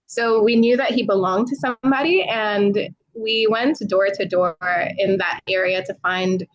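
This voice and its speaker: A New York woman, a travel creator guesting on a podcast, tells a story in casual chat, laughing often and animatedly acting out what people said in their voices. Her mid-range voice keeps a measured pace, and the highs are cut off.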